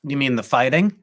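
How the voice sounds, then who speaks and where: A young man hosting a casual livestream chat, halting and repeating words, drawling some phrases with mock-soothing asides. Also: medium pitch, no room sound. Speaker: livestream host.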